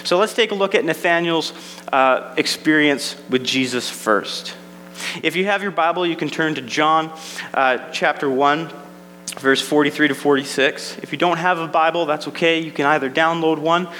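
A man's voice: a little high, moderate pace, sharp tone. A man preaching a sermon, talking to the room in an easy way, often repeating words and adding asides. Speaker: pastor. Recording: echoey hall with faint mains hum.

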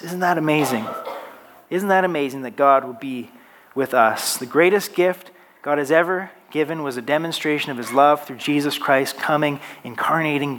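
Earnest pastor preaching. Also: male voice, a little high, fairly bright tone. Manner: earnest, building to emphatic repetition. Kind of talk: sermon. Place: church.

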